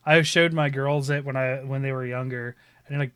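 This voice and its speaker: A man in his thirties hosting a live stream, chatting casually and telling animated family stories with frequent laughter. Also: medium pitch, a little fast, clear, resonant tone, no room sound. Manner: animated storyteller, laughs often. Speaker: stream host. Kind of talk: casual chat.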